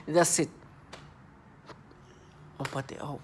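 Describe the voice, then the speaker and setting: A man's voice: a little high, lively intonation, a little fast, pauses often, fairly bright tone, slight background noise. A man in his thirties ranting in an agitated, repetitive, accusing monologue to camera. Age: 30s. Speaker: vlogger.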